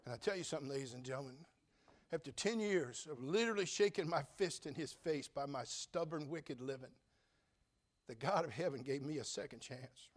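Lively preaching man, slightly high voice. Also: brisk. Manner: animated, humorous storytelling with big swings in loudness. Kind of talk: sermon testimony.

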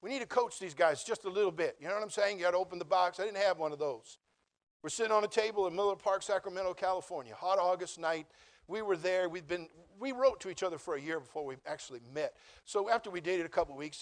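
Male pastor, middle-aged, from the US; folksy storyteller, lively and comic, pitch a touch high. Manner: folksy, humorous, animated storytelling. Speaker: preacher and Bible college teacher. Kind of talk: storytelling sermon.

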